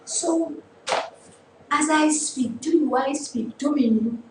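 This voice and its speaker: A woman who hosts a faith talk show, preaching with slow emphasis and rising repeated lines. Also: high-pitched, reverberant, far from the mic, noisy background.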